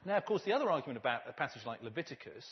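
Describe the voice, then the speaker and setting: A man preaches to a church gathering in a relaxed, conversational way. He drops in wry humor and leans hard on the words he wants to stress. His voice sits at an ordinary pitch, and the recording sounds dull and lo-fi. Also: racing. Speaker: pastor. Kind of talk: preaching talk to a church audience.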